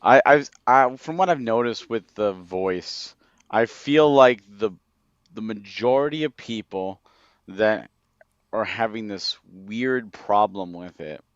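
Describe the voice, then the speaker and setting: A man in his forties co-hosting a podcast, explaining his view in long, steady sentences. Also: on the low side, clean tone, dry recording. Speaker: podcast co-host. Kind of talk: casual podcast chat. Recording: dull lo-fi audio.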